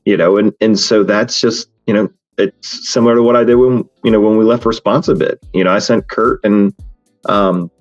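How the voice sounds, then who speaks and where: A man's voice: lowish voice, steady tone, moderate pace, muffled recording, faint music behind. A man hosting a podcast in casual chat, talking frankly and rambling with many fillers and restarts. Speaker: podcast host.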